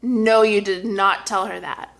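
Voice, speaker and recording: A woman's voice: mid-range voice, fairly even intonation, a little slow, vocal fry, a bit bright, voice pushed down. A woman voicing a bored young male store clerk chatting on a walkie-talkie. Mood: chatty. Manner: casual, chatty.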